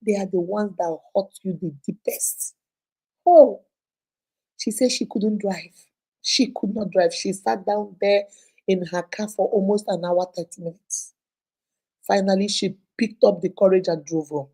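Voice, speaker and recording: A Nigerian woman hosting a viewer advice show, retelling a caller's story in an expressive, heartfelt way with pidgin touches. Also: mid-range voice, a little slow, slightly rough, rough recording.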